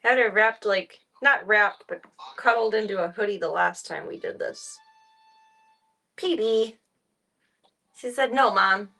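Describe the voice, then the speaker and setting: A woman's voice: medium pitch, measured pace, creaky, pauses often, fairly bright tone. A woman streaming casual chat, narrating chores and talking baby-talk to her cats.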